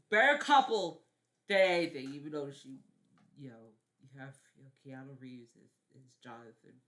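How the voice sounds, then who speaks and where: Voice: medium pitch, a bit bright. A vlogger ranting casually about favorite films, rambling, repeating words, swearing and often apologizing. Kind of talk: casual film-review vlog.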